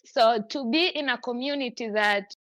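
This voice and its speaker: A woman's voice: fairly high pitch, moderate pace, fairly bright tone, no echo, low-quality recording. A woman hosting a podcast, chatting effusively in long run-on stretches. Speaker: podcast host. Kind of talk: casual chat.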